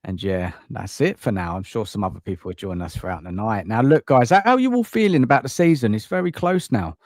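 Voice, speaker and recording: A man's voice: fairly low pitch, animated, quick pace, a little mellow, dry recording, clean studio sound. Laid-back man hosting a stream. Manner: laid-back, friendly banter. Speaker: host. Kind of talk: live stream chat.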